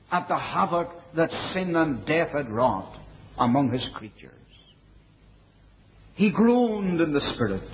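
A man preaching a sermon in a measured way, dropping his voice low and soft for quoted verses. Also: a little hiss or hum. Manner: measured preaching, quoting scripture in older English. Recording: dull, lo-fi recording.

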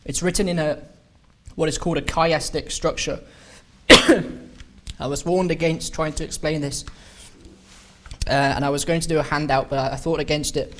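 Male preacher, slightly high voice, slow deliberate sermon delivery with restarts. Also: fairly even intonation, fairly bright tone, slight background noise. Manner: unhurried, halting, with frequent restarts and drawn-out emphasis. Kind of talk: sermon-style Bible study talk. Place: meeting hall.

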